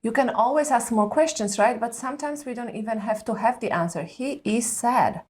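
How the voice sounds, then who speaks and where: A woman's voice: on the high side, fairly quick, hardly any pauses, darkish tone. A woman who is a mother and parenting coach, explaining patiently in conversation and often checking in with "correct?". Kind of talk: advice in conversation.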